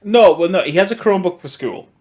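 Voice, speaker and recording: A man's voice: sits high, animated, fast, darkish tone. A middle-aged man with an Australian accent, co-hosting a casual podcast chat, rambling and laughing often. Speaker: podcast co-host.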